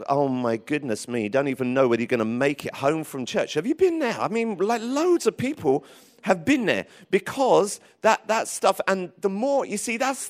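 A man preaching a sermon in church, lively and emphatic, with frequent restarts. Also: a little high. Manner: lively, rising to emphatic calls, with many restarts. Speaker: pastor.

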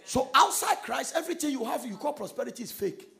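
A man preaching a sermon, swinging between quiet asides and loud, sung-out lines. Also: very high-pitched, lively intonation, quick pace, gravelly, faint music behind. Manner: emphatic preaching with sudden shouted, sung-out phrases and laughter. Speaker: pastor.

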